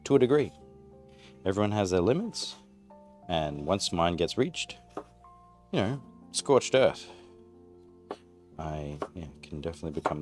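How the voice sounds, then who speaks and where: A very low-pitched Australian man rambles candidly while he cooks on a live stream. His deep voice swings widely and animatedly. Faint music plays behind him. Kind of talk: casual live-stream chat while cooking. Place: single-car garage at home.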